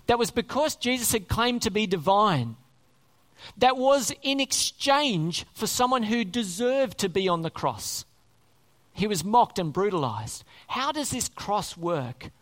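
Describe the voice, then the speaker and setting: An emphatic preacher in the middle of a sermon, the voice rising and falling with lively, wide swings in pitch. Key words come back again and again, and questions are put straight to the listeners.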